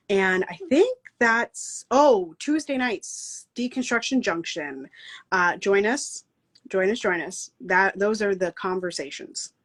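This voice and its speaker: A woman's voice: mid-range voice, fairly bright tone. A woman co-hosting an online talk show, chatting casually and running through announcements with many fillers and laughs. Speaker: co-host.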